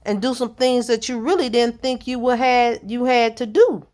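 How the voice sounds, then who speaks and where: A woman's voice: fairly high pitch, steady tone, normal speed, a little mellow. A woman church leader preaching informally in a blunt, direct, plain-spoken way.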